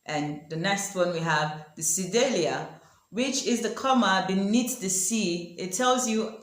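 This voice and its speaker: A woman teaching a language lesson, asking the viewer questions and repeating example words slowly. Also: mid-range voice, reverberant. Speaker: French teacher. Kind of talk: language lesson explaining pronunciation.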